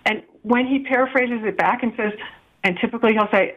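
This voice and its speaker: A woman's voice: on the high side, fairly quick. A middle-aged woman explaining a communication method in a podcast chat, laughing now and then as she gives examples. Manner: warm, explanatory, laughs while giving examples. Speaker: guest relationship coach. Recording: tinny phone line.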